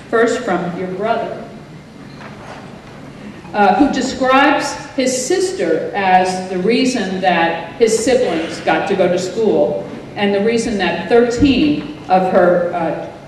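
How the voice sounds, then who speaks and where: A woman presents at an award ceremony and reads excerpts aloud in a measured, formal way. Her voice sits at a middle pitch. It comes from far off in a large hall with a long reverb. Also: a little mellow, slight background noise. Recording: echoey hall, mic heard from far off.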